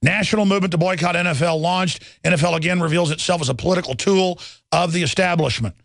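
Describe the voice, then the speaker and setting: A man's voice: sits high, fast talker, vocal fry, a bit bright, no echo. A man hosting a talk radio show, ranting angrily and repeating himself as he works up his outrage.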